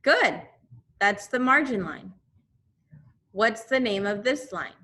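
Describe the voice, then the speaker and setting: A woman teaches second graders over a video lesson, speaking into a computer mic. Her voice is bright and clear, and she talks slowly, repeating each term so the children can say it with her. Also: medium pitch. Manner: slow, repeating drills for young children. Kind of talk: remote class lesson.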